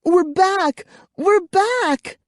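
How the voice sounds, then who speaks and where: Man doing an excited young girl. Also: extremely slow, dry recording, clean studio sound, heavily acted. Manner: high, bright, exclaiming.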